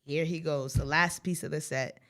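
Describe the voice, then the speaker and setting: Young woman, podcast co-host, bright sharp tone, lively storytelling, mimics quotes. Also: normal speed. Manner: animated storyteller, acts out quotes with big pitch swings and laughs. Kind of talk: casual storytelling chat.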